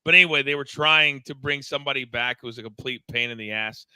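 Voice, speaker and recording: Over poor, dry audio comes a fast, clear, resonant medium-pitched voice: a middle-aged former wrestling coach co-hosting a relaxed wrestling talk show. He's an animated storyteller recounting backstage stories, stammering and repeating words frequently.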